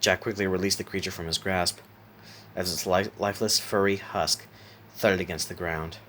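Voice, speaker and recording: A man reads a horror story aloud in a low, steady voice, sometimes stopping to correct himself. A faint hiss sits behind the voice. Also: moderate pace. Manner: steady reading with small self-corrections. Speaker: narrator.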